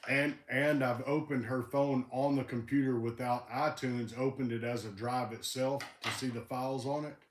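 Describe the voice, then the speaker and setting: A man's voice: mid-range voice, fairly even intonation, moderate pace, hardly any pauses, echoey room. A man hosting a livestream, chatting casually and talking about faith in an earnest, encouraging way. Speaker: livestream host. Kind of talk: casual chat.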